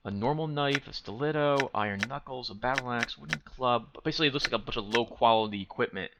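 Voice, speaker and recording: A man playing a role-playing game, reading its dialogue and narration aloud with quick asides. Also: mid-range voice. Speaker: let's play host. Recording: slightly dull home mic with faint noise.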